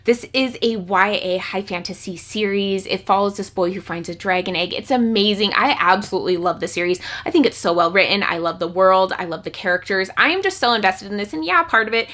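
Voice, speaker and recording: A young woman chatting excitedly as a book vlogger, bubbly and talkative, now and then squealing with delight. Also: mid-range voice, fairly quick, hardly any pauses. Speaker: book YouTuber. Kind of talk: casual vlog chat.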